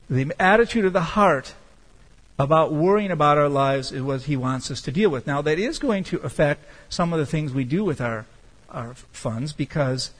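Man preaching, high-pitched, emphatic, long reverberant room. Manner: emphatic, slows down to stress words. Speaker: pastor. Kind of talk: sermon.

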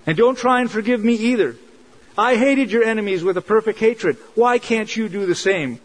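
A man's voice: normal speed, rough recording. A man voicing an angry, desperate male prophet who pleads with and scolds God. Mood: indignant. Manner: pleading, indignant, rising in pitch.

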